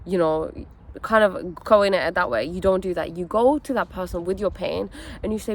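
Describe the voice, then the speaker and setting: A young woman telling a personal story in a candid vlog, earnest and animated, peppering her talk with fillers and "okay?" asides. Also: lowish voice, moderate pace, a little hiss or hum. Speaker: wellness content creator.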